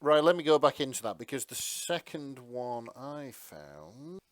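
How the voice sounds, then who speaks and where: A man co-hosting a podcast, reading passages aloud with feeling and chatting excitedly. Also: medium pitch, unhurried, no echo, studio quality. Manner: reads dramatically, then chats with excitable laughs. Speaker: podcast co-host. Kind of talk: casual chat and reading aloud.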